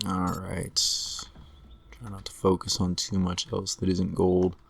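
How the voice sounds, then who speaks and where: A man commentating his own strategy game play in a relaxed way, talking through each move while he is losing his voice. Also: deep voice, creaky, a little hiss or hum. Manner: unhurried, talks through each move to himself. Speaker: gameplay commentator.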